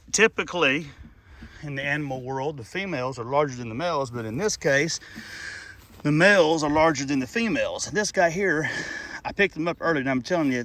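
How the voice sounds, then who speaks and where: Out by a pond, a middle-aged channel host records a laid-back nature vlog, his voice somewhat high and a bit bright. His talk is folksy and chatty, wandering along with lots of fillers.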